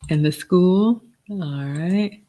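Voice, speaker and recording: A middle-aged woman, hosting a live Q&A, reading out chat comments and giving gentle advice in a casual tone. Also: on the low side, drawn-out words. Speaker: livestream host answering chat questions.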